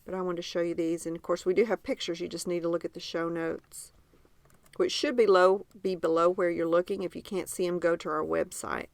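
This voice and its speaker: A woman with a Southern accent co-hosting a podcast, chatting warmly and describing gift ideas in detail. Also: fairly low pitch, fairly even intonation, brisk, creaky, dry recording. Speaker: podcast co-host. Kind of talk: casual podcast chat.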